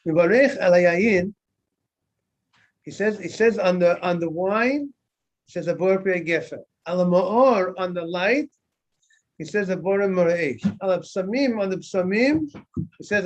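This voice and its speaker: A man, a rabbi, teaching an informal Talmud class, often repeating words and asking his students questions that he then answers himself. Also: high-pitched. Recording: dull lo-fi recording.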